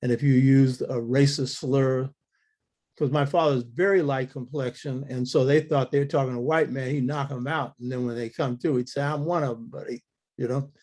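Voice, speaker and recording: A man's voice: mid-range voice, fairly even intonation, moderate pace, a little mellow. An older man telling a family story in an interview, blunt and earthy, acting out the quoted dialogue.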